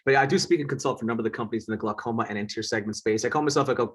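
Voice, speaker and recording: A man's voice: mid-range voice, very fast, husky. A man in his forties from Wisconsin giving a chatty, self-joking online lecture as an eye surgeon over a video call. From United States (Southeast Wisconsin).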